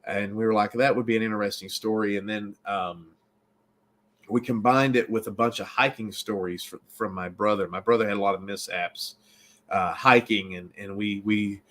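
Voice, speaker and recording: A man from Baltimore, a filmmaker and actor, telling a story in a rambling, animated way with many restarts in a casual interview. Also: lowish voice, moderate pace.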